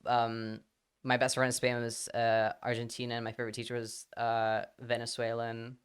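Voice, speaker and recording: A young man chatting casually on a livestream, rambling with lots of fillers and the odd swear word, and getting animated as he talks. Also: mid-range voice, moderate pace, clear, resonant tone.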